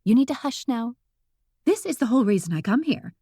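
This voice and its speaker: Woman doing a smug witch heckler, teasing, sing-song high notes, dry close audiobook sound. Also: big pitch swings, brisk, mellow, breathy edge, dry recording, full character voice. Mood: sly. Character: scheming middle-aged female witch heckler.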